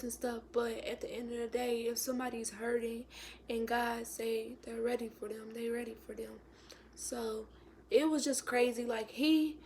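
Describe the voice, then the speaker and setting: A woman's voice: a little high, a little mellow, a little hiss or hum. A young woman tells a sad story in a vlog, close to tears and often dropping to a whisper. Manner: emotional, tearful, drops to a whisper. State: close to crying. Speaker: vlogger.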